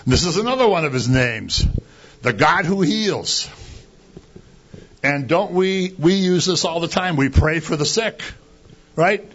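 A man's voice: on the high side, unhurried, pauses often. A man preaching a conversational sermon, acting out complaints and firing rhetorical questions. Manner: animated, acts out quoted complaints, rhetorical questions. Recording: dull lo-fi recording.

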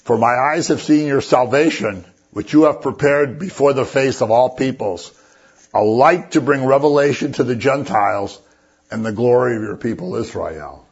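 Husky guy giving a sermon, casual and jokey, sounds kinda muffled and lo-fi. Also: medium pitch, moderate pace. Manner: conversational, joking storyteller. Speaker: pastor. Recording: dull lo-fi recording.

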